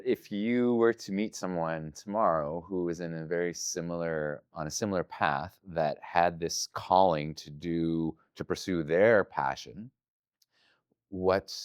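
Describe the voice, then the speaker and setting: A man hosting an interview, asking questions in a calm, measured way. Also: deep voice, clean tone, dry recording, studio quality. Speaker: interviewer, show host.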